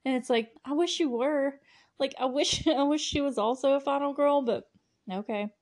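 A woman's voice: sits high, normal speed, a little mellow. Chatty young woman recapping a movie. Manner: chatty, laughs often, sarcastic asides. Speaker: podcast host.

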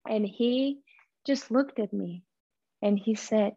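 A woman whose first language is not English, preaching a heartfelt sermon with pauses and restarts. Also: medium pitch, vocal fry, slightly rough, dry recording, highs cut off.

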